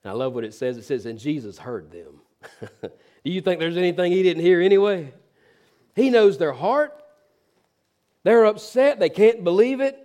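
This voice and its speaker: High-voiced preacher man. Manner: storytelling, acts out characters' voices, swings from loud to hushed. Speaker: pastor. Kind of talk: sermon.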